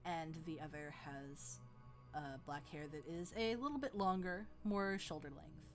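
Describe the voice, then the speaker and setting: A woman narrating a tabletop game as game master, unhurried, with frequent ums. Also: deep voice, soft background music.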